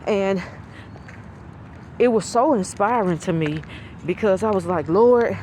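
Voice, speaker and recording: A woman with a deep, low voice preaching an earnest message of encouragement to camera, repeating phrases for emphasis. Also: unhurried, darkish tone, a little hiss or hum. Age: adult with school-age children. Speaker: self-styled prophetess posting online videos.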